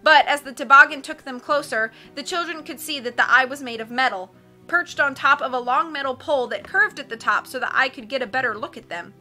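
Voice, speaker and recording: A woman narrating a novel aloud with an expressive, storytelling delivery. Her voice sits high and sounds very bright, with soft music under the reading. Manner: expressive, lifts her voice for dialogue. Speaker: audiobook reader.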